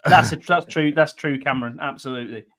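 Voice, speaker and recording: A man's voice: mid-range voice, a little fast, a bit bright. A man co-hosting a podcast in casual chat, giving mild, agreeable short replies. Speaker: podcast co-host.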